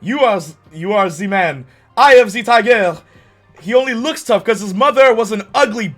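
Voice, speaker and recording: A man voicing a brisk woman fight coordinator with a French accent, delivering a cheerful pep talk. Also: mid-range voice, animated, a bit bright, faint music behind.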